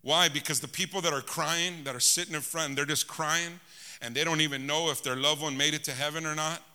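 A man preaching in a high, very bright and forceful voice, calling out to his congregation for amens. He swings between loud exclamations and quiet, hushed passages. His voice rings with the long reverb of a large hall. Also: steady tone, brisk, clear, resonant tone. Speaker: pastor. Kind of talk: preaching a sermon.

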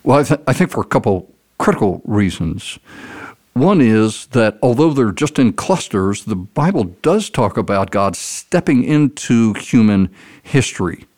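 A man as a podcast guest, explaining ideas and telling a story in an earnest, animated way. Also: medium pitch, unhurried. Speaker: guest speaker. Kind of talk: casual storytelling in an interview.

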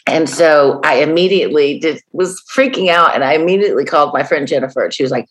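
A woman's voice: sits low, fast, hardly any pauses. A woman co-hosting a podcast, chatting casually and telling stories with lots of acted-out voices. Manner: animated storyteller, acts out voices. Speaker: podcast co-host. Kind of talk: casual chat.

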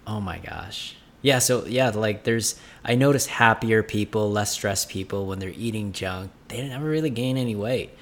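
A man's voice: lowish voice, moderate pace, hardly any pauses. A man hosting a casual interview as a fitness coach, chatty and eager, often agreeing. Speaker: podcast host, fitness coach.

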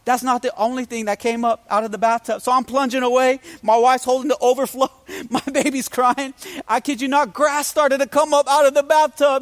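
A man's voice: extremely high pitch, fairly quick. A man pastor preaching a livestreamed sermon, telling a funny story with energy and calling out to his listeners. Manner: energetic storytelling with humor and call-outs to the audience.

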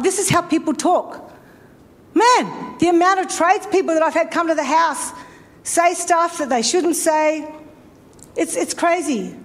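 A middle-aged woman pastor, telling a story in a sermon and acting out phone calls. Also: sits high.

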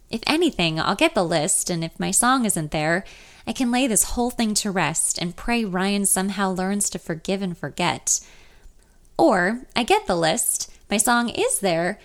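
A young woman narrating a first-person audiobook in a nervous, confessional inner voice. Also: medium pitch.

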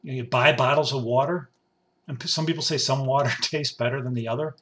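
A man delivering a rambling, wisecracking comedic monologue, swinging from loud points to muttered asides. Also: medium pitch, fairly even intonation, quick pace. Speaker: commentator.

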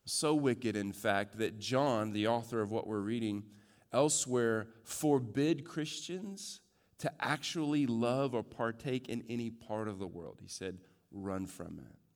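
A man's voice: medium pitch, measured pace. Man preaching a sermon in a reverberant hall. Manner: swings from loud joking asides to hushed earnest stress. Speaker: pastor.

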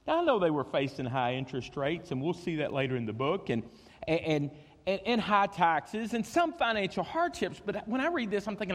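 Animated high-voiced preacher. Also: male voice, brisk. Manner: animated preaching, acts out voices, repeats words. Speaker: pastor. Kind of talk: sermon. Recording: long reverb of a church hall.

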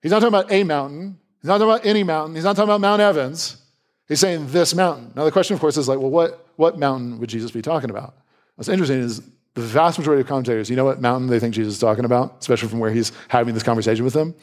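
In his sermon, a male pastor sounds animated and conversational, making playful asides and quickly jumping in pitch as he voices people's reactions.

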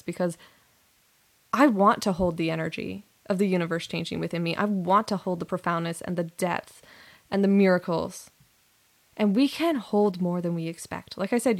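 A woman's voice: mid-range voice, darkish tone. A young adult woman hosting her own podcast, telling a personal story in an earnest, rambling way with frequent self-corrections. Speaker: podcast host and coach. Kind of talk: casual solo podcast monologue.

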